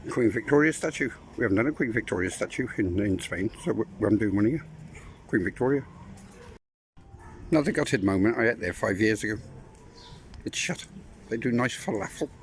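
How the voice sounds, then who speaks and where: Here the travel vlogger, a middle-aged man with a medium-pitched voice, talks viewers through a relaxed outdoor walk across town streets and a park. His commentary is chatty and wry, and a little hiss or hum sits under the audio.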